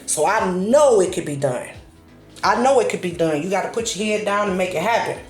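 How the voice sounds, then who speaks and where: A woman's voice: medium pitch, expressive, fairly quick. A woman host giving casual commentary to her camera, blunt and profane, telling her stories with animation. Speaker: channel host. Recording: echoey room with faint music.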